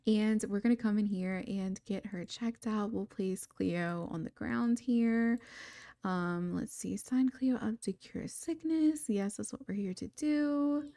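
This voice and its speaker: A young woman talks through her game in a chatty, easygoing way, breaking into giggles every few lines. Her voice sits at an ordinary middle pitch. The recording is dry and close. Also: measured pace, warm tone, dry recording. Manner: chatty and giggly, laughs often. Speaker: gaming video creator. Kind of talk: casual gameplay commentary.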